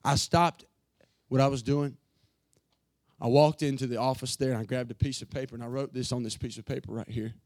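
A man's voice: medium pitch, steady tone, brisk, a little mellow, dry recording. Earnest man preaching a sermon. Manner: earnest, rising to fervent preaching. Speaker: pastor. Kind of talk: emotional sermon announcement.

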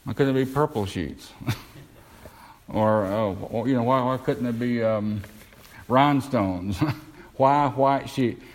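A man's voice: mid-range voice, slow, pauses often. A man preaching a sermon, earnest and emphatic, lifting his voice when quoting Scripture. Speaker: pastor.

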